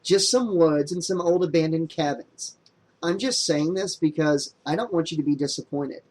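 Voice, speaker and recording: A man voicing a skeptical young woman in an audiobook, with a dry and flat delivery. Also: a little high, moderate pace, lightly acted. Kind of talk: audiobook character voice.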